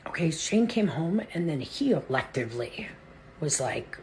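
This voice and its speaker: A middle-aged woman with a notably low voice talks casually to the camera in her vlog. She rambles, breaks off mid-thought and restarts, and keeps an easy chatty flow. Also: very animated, normal speed, darkish tone, a little hiss or hum. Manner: rambling, self-interrupting, chatty. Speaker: vlog host. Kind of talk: casual chat.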